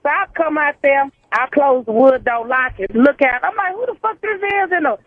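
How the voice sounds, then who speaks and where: A woman's voice: sits high, expressive, moderate pace, no room sound. A woman caller, telling a story on air in a brash, profane, laughing way. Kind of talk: phone-in storytelling. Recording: dull phone-line sound.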